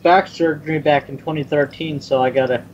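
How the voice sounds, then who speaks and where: A man's voice: on the high side, fairly even intonation, a little fast, lo-fi sound, a little hiss or hum. A man chatting easygoingly with gaming friends over voice chat.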